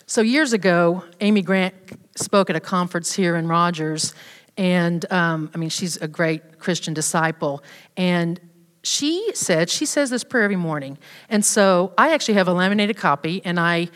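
A woman's voice: lowish voice, lively intonation, normal speed. A woman giving a personal faith testimony to a group, talking casually with many fillers and restarts. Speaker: speaker at a church women's event. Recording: long hall reverb.

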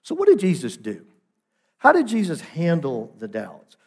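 A man's voice: fairly high pitch, huge pitch swings, moderate pace, husky. A man preaching a sermon as pastor, emphatic, asking rhetorical questions and repeating phrases for emphasis.

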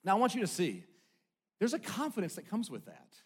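A middle-aged male pastor preaching, telling a personal story, then swinging between loud, excited passages and hushed, quiet ones. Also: high voice, a little fast, husky. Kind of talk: sermon.

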